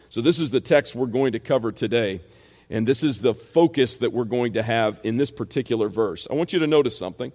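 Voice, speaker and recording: A man's voice: mid-range voice, expressive, fairly quick, a little mellow. Male preacher, rural American accent, emphatic, mid-range voice, long hall reverb. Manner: emphatic, rhetorical questions. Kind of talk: expository sermon.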